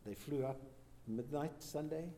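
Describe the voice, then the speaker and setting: A man, a pastor, telling a church testimony as a lively storyteller who acts out the quoted lines. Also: fairly high pitch, measured pace, slight background noise. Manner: animated storyteller, voices quotes.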